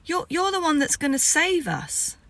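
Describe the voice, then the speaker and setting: A woman voicing an ancestral male chief who is amazed and excited, exclaiming in a high voice. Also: normal speed, full character voice. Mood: awestruck.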